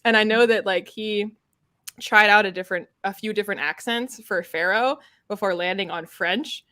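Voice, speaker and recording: A woman's voice: medium pitch, normal speed, pushed and bright. A woman co-hosting a book podcast in casual chat, talking loosely with many fillers and acting out what others said. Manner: chatty, lots of "like", acts out quotes. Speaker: podcast co-host.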